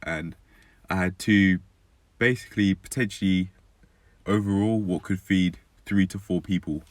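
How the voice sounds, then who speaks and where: A man's voice: low-pitched, unhurried, no room sound. A young man talking through a casual personal vlog, rambling and reflective, correcting himself often, with a dry throat. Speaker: vlogger.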